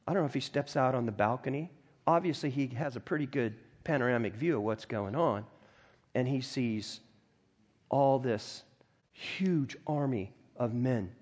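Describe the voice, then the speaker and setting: Man, pastor delivering a sermon; mid-range pitch, conversational and animated, frequent throat-clearing. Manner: reads scripture aloud and comments in a conversational, animated way.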